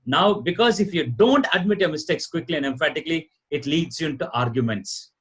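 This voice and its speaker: Before a live audience, an earnest corporate trainer, a middle-aged Indian man with a husky, fairly high voice and an Indian English accent, gives a lecture-style answer as a talk show guest. He's animated and fairly quick, explaining emphatically and going over his points again and again.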